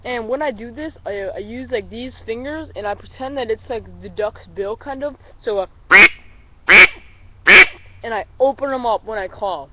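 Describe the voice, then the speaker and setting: A man who is a little sick, explaining duck calls in a relaxed, rambling tutorial and calling the viewers guys. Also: extremely high pitch, normal speed. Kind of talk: casual tutorial. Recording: slightly dull lo-fi recording with faint vehicle noise.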